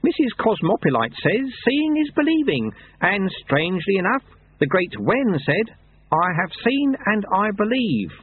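A man's voice: high-pitched, big pitch swings, measured pace, breathy edge, voice pushed up, exaggerated voice. A man voicing an old, serene male monk who speaks mildly and quotes proverbs, over tinny narrowband audio. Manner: mild, proverb-quoting.

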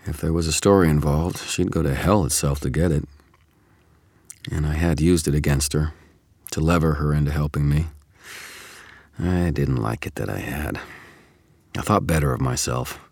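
A man narrating a first-person audiobook chapter in a measured, steady way. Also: very deep voice, gravelly, no room sound, clean studio sound.

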